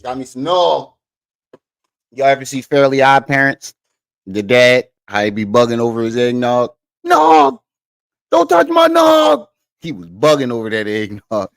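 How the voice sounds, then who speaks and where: A man's voice: mid-range voice, steady tone, normal speed, smooth, no echo. A man hosting a casual livestream from his living room, chatting with viewers, cursing freely and laughing at himself. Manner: profane, laid-back, laughs at himself while reading comments. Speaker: livestream host.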